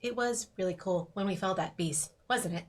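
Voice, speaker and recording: A woman taking part in a tabletop role-playing game, speaking in character in a soft, earnest way as one of a pair of twins. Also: mid-range voice, normal speed. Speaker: player.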